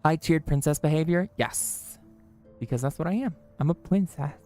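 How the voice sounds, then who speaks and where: A livestreamer chatting casually with viewers and friends, joking, swearing and mocking themselves, with the pitch jumping high for greetings. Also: moderate pace, darkish tone, faint music behind. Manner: joking, profane, self-mocking.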